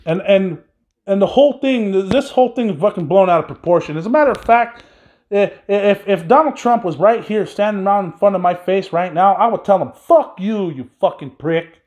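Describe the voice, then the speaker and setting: A man's voice: sits high, fairly quick, darkish tone. A man hosting his own podcast, delivering an angry, profanity-laden solo rant. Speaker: podcast host. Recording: dull lo-fi recording.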